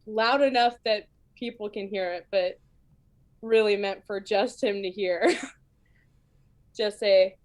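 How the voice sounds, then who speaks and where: A woman's voice: mid-range voice, takes it slowly, pauses often. A woman playing a tabletop game, playfully describing her character's actions and laughing often. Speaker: player. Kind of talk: tabletop role-play narration of her character.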